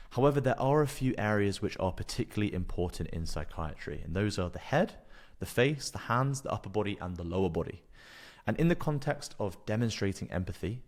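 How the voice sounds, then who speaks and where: A man with a very low voice narrates a scripted tutorial. He explains step by step in a calm, measured way, as a doctor coaching exam candidates. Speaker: doctor teaching exam preparation.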